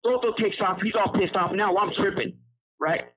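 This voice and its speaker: Calling from prison on a tinny line, this man's voice sits high and stays steady at a normal pace, with a breathy edge. He spins a casual, rambling tale in street slang, often starting sentences over.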